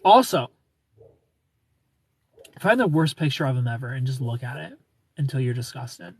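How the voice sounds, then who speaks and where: A man's voice: medium pitch, expressive, normal speed, darkish tone, husky. A man hosting a casual live stream. He greets viewers by name and gives playful breakup advice. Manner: chatty, greets viewers and reads their comments aloud.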